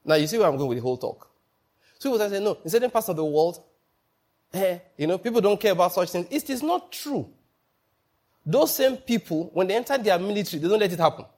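A man's voice: high voice, animated, fast, darkish tone. A man preaching a sermon, acting out quoted people and breaking into laughter between points. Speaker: pastor.

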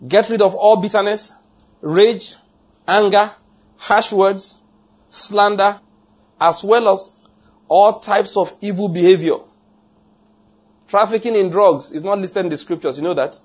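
A pastor delivers a sermon with a fairly high, husky voice. He is emphatic and jokey, chuckling at his own remarks and repeating key phrases. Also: a little slow, pauses often.

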